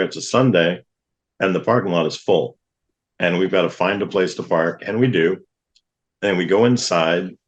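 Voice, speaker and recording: Deep-voiced man telling his story. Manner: earnest, vivid retelling with acted-out quotes. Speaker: guest. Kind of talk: personal testimony storytelling.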